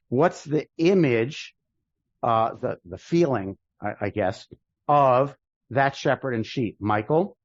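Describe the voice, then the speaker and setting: A man's voice: medium pitch, slow pace, no echo. Rabbi guy teaching a class, lots of rhetorical questions, muffled dry audio. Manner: animated, thinks aloud with restarts and rhetorical questions. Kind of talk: casual classroom lecture. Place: synagogue classroom with video call.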